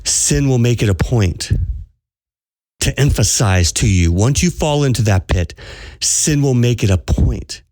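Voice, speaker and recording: A man's voice: mid-range voice, animated, unhurried, a little mellow, no room sound, clean studio sound. A man hosting a podcast as a spiritual coach, preaching to listeners in an earnest, urgent way and repeating phrases for emphasis.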